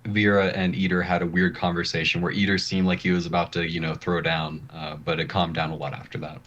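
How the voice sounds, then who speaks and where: A man narrating as game master of a tabletop game, relaxed and hesitant with many fillers. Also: low voice, fairly quick, highs cut off.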